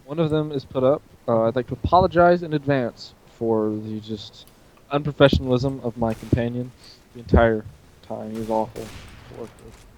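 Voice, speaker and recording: A man with a hoarse throat co-hosting a casual chat between friends, joking, teasing and rambling. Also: mid-range voice, moderate pace, darkish tone, slight background noise, low-quality recording. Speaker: podcast co-host.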